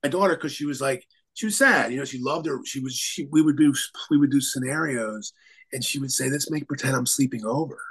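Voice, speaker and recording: A man's voice: mid-range voice, fairly quick, a bit bright, husky, low-quality recording. A male attorney talking as a guest in an interview, telling his story in an earnest, rambling way. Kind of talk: conversational interview.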